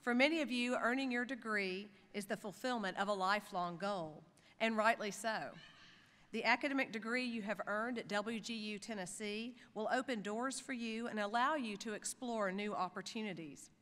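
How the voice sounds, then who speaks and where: Woman giving a graduation speech at a podium, bright tone, big echoey ballroom. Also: mid-range voice, normal speed. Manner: formal, encouraging, turns lively and playful with the crowd. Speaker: university chancellor addressing graduates. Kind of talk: commencement speech. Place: large hotel ballroom. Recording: reverberant ballroom over PA.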